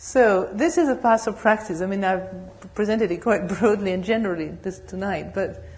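A Buddhist nun giving a dharma talk, telling humorous, animated stories. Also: female voice, medium pitch, moderate pace. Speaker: Buddhist nun and meditation teacher.

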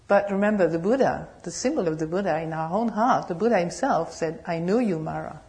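Speaking to a meditation group, a Buddhist nun gives a dharma talk, telling humorous, animated stories. Her voice is slightly low and her pace brisk.

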